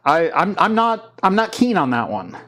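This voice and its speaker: A man's voice: high-pitched, very animated, moderate pace, a bit bright, a little hiss or hum. A man in his thirties with a US West Coast accent, hosting a casual tech show and rambling with restarts and fillers. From Oregon, US. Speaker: podcast host. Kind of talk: casual chat.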